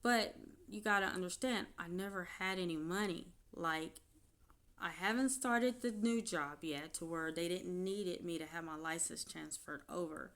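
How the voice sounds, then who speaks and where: A woman vlogger telling her own story off the cuff, candid and halting, turning animated as she retells events. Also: on the low side. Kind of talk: unscripted personal storytelling.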